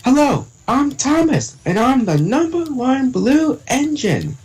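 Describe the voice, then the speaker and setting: A man voicing a cheerful young male tank engine in a high, slow, sing-song voice. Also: sing-song, a little mellow, husky, faint music behind, exaggerated voice, poor audio.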